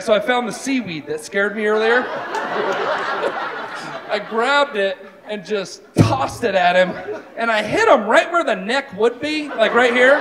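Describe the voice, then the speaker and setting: High-voiced guy doing stand-up, super lively, crowd laughing loud behind him. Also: noisy background. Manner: animated, self-deprecating, lots of asides. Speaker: stand-up comedian. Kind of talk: stand-up comedy. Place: live venue with stage. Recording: live show with loud crowd. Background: audience laughing.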